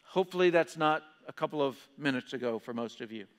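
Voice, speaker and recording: A man preaching a sermon as pastor to a church congregation, animated and acting out listeners' voices. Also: mid-range voice, fast, clean tone. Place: church auditorium. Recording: long reverb of a church hall.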